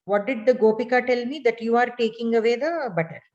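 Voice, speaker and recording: A woman's voice: a little high, brisk, darkish tone, muffled recording. A woman teaching a class, reading short passages aloud and patiently explaining and translating each phrase. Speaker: Sanskrit teacher.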